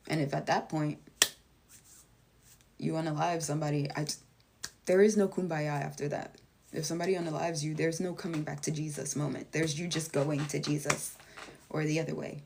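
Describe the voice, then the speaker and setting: A woman with a fairly low speaking voice talks straight to her viewers in a loose, unscripted monologue. She is blunt and emphatic, swears without hesitation, and jumps way up in pitch whenever she acts out what someone else says. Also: level tone, moderate pace, gravelly, background noise. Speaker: vlogger and life coach. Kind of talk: casual spoken monologue.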